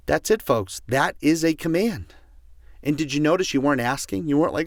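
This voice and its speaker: A man's voice: a little high, brisk, dry recording, studio quality. A man teaching a motivational audio course, passionate and emphatic, repeating key words for force. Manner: passionate, emphatic repetition, gets loud. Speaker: self-help speaker.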